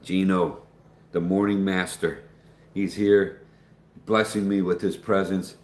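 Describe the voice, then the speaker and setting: Deep-voiced chatty livestream host. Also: male voice, level tone, takes it slowly, darkish tone, echoey room. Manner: folksy and chatty, calls everyone man or dude. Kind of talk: casual livestream chat, reading viewer comments.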